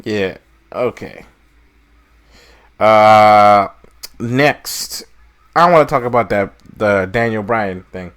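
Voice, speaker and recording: A man co-hosting a casual wrestling podcast, talking in an animated, mocking way and swearing freely. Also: on the low side, slow pace, long pauses, clean tone. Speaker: podcast co-host.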